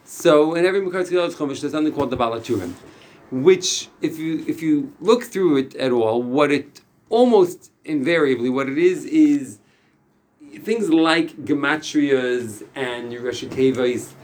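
A man's voice: fairly high pitch, normal speed. A man teaching a small class, explaining step by step with frequent restarts. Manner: animated, explanatory, frequent restarts and Yiddish-Hebrew terms. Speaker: Torah teacher.

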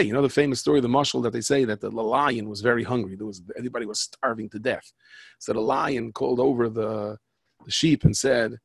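Man, storyteller, rambling, conversational, raspy, dry sound. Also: medium pitch, steady tone, brisk, no room sound. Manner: rambling, conversational, self-interrupting. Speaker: speaker, storyteller. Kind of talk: storytelling talk with jokes and parables.

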